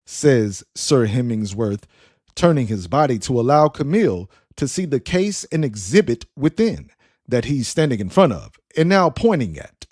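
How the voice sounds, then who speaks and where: A man narrating a story in an unhurried, expressive reading style. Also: mid-range voice, dry recording, clean studio sound.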